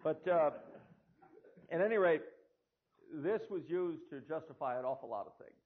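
An older American man gives a history lecture to an audience, adding sardonic, dry asides. His expressive voice sits on the high side at a moderate pace, and the recording is tinny and lo-fi, like a phone.

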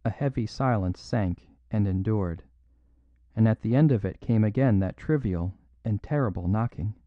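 Low-voiced male narrator, dry and muffled. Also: moderate pace, no echo. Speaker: audiobook narrator. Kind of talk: scripted narration of a classic mystery.

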